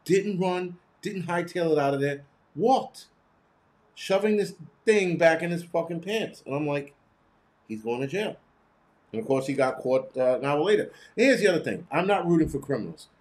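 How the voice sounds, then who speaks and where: A man's voice: a little high, animated, normal speed, darkish tone. A man hosting a casual live commentary, blunt and profane, rambling with many restarts. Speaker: host.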